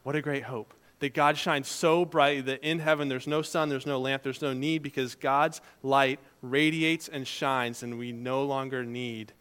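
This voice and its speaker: A man preaching a sermon in a conversational, storytelling way, moving between loud emphasis and quiet asides. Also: mid-range voice, fairly even intonation, unhurried, few pauses, smooth. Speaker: preacher and teacher.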